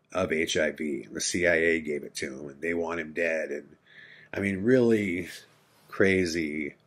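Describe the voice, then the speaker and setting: Deep-voiced man telling a true story. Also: a bit bright. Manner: intense, earnest storytelling. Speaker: podcast host.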